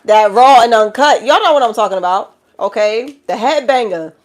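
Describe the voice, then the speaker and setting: Animated slangy tarot-reading woman. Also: moderate pace. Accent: New York. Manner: animated, slangy, swings from loud exclamations to low hushed stretches. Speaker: tarot reader.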